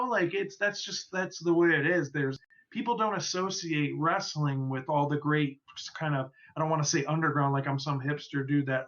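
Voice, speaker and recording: A man's voice: a little high, moderate pace, fairly bright tone, lo-fi sound. A man co-hosting a casual podcast, telling rambling stories and swearing casually. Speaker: podcast co-host.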